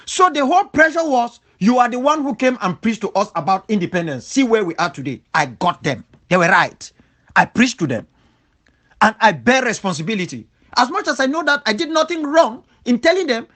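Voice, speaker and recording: A man delivers an impassioned rebuttal as an independence leader. His pitch rises and falls widely as he hammers home repeated rhetorical questions. His manner stays emphatic and insistent throughout. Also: a bit bright. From Cameroon, southwest region.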